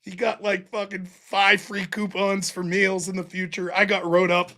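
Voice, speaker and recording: Man, livestream host, casual storytelling, profane, bright voice, lively pitch. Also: normal speed. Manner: profane, animated, yelling in retold quotes.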